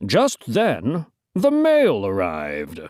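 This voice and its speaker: A woman's voice: very deep voice, wildly swooping pitch, extremely slow, a little mellow, no echo, clean studio sound. A woman reading a children's storybook aloud, playful, with joking asides to listeners.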